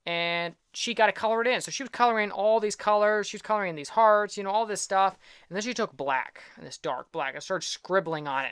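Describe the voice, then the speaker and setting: Bright, self-deprecating young man. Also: fairly high pitch, clear, resonant tone, dry recording, studio quality. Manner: rambling, self-deprecating, upbeat. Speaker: art channel host. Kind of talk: casual chat.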